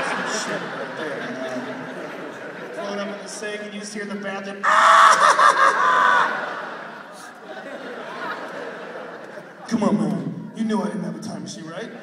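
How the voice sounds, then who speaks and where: Male stand-up comic, high and lively voice, profane and shouting, recorded from far off in a big echoey hall over a loud crowd. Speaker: stand-up comedian. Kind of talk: live stand-up set. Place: large live venue with an audience. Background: loud crowd laughter and noise.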